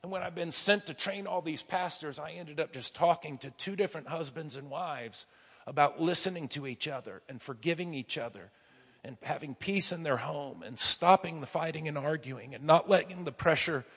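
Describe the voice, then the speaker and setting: Male pastor from the United States, husky tone, sermon storytelling that swings from hushed to loud, long hall reverb. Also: fairly high pitch, normal speed.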